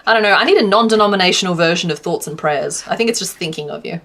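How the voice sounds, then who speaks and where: A woman's voice: on the low side, fast, fairly bright tone. An Australian woman from Western Australia chatting casually to her live-stream chat while crocheting, laughing often.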